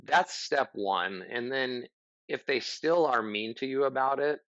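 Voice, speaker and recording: A man's voice: medium pitch, measured pace, a bit bright, no room sound. Middle-aged man, earnest and rambling, acts out dialogue; dry, slightly dull recording. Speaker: podcast guest. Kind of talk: casual conversational advice.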